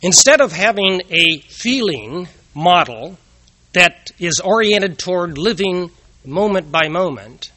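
A man's voice: high voice, bright, forceful tone, no room sound. A man giving an earnest moral talk, telling personal anecdotes and asking rhetorical questions.

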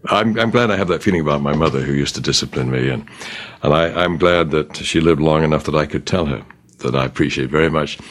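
An older man from England, an author and teacher, leading a gentle conversational Bible discussion. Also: very deep voice.

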